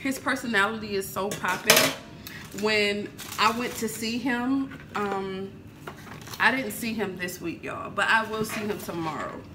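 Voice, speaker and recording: A woman's voice: mid-range voice, measured pace, noisy background. A woman in her thirties chatting casually in a home kitchen vlog, laughing and swearing freely. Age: 30s. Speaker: vlogger. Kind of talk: casual cooking vlog chat.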